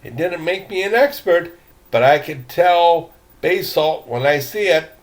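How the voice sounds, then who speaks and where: A man's voice: fairly high pitch, lively intonation, unhurried. An older man voicing a stubborn, curious young male explorer in a read-aloud story, who presses his point insistently. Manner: stubborn, inquisitive.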